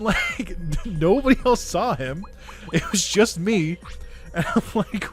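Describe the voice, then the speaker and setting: A man, a gaming video creator, casually telling a story over gameplay, animated, swearing and laughing as he acts out what people said. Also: sits high, slow, soft background music.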